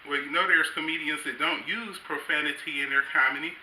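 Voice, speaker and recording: A man voicing his strait-laced father, speaking in a prim, measured way on a roomy stage. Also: a little high, fairly even intonation, sharp tone, slight background noise. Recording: roomy stage sound, faint ambience.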